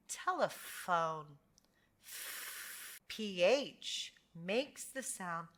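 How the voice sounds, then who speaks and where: An American woman teaching English pronunciation, drawing out sounds slowly and praising each try. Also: lowish voice, a bit bright. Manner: slow, patient, drawn-out sounds for repetition; encouraging praise after each drill. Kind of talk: slow phonics lesson.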